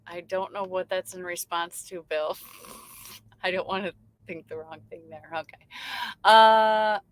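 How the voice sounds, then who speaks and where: A woman's voice: on the low side, a little slow, a little hiss or hum, low-quality recording. A woman from Michigan hosting a late-night trucking livestream, chatting casually, reading viewer comments aloud and laughing often. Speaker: livestream host. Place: in her truck.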